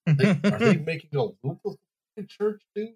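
A man's voice: high-pitched, brisk, a little mellow, husky. A man co-hosting a podcast, laid-back and mumbling, swearing casually in banter. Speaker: podcast co-host.

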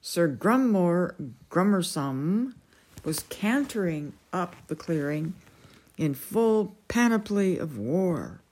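Storytime reader, woman; gentle, slow, lowish voice. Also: sing-song. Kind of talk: reading a novel aloud.

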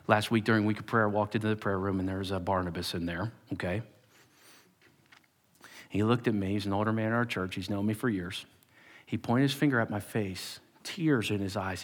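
A male pastor preaches to his congregation in a fairly low voice at normal speed, leaving long pauses. He's animated, voices the people he quotes, and sinks to a whisper for emphasis.

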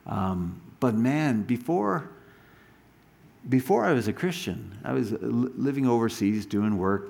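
Male pastor, mid-pitched, very expressive delivery, storytelling sermon with restarts. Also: gravelly. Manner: animated storytelling, frequent restarts and asides.

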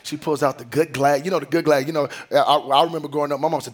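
High-voiced man preaching a lively sermon. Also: fast. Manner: builds from low storytelling into loud, sing-song preaching cadence; conversational and slangy, with call-and-response. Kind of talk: sermon with personal storytelling.

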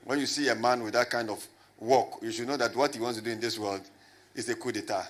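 A man preaching a lively sermon as a pastor, swinging from loud shouts to low asides and calling on the congregation to answer. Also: quick pace, slight background noise. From Ghana. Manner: animated, rising to shouts and dropping low, with call and response.

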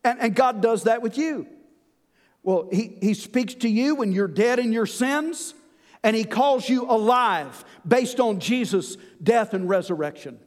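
A male pastor preaching a sermon in an earnest manner, slowing down to stress key lines. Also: very high-pitched, in a large hall.

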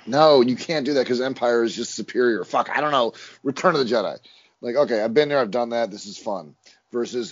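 A man co-hosting a casual movie podcast, talking in an animated, rambling way with frequent swearing. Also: medium pitch, a little fast, husky, lo-fi sound. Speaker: podcast co-host. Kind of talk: casual chat.

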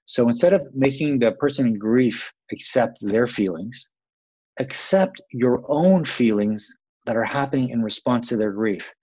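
A man's voice: mid-range voice, expressive, unhurried, darkish tone, slightly rough, no echo, highs cut off. A man who works as a palliative care doctor, answering interview questions in a reflective way, with many restarts and "you know" fillers.

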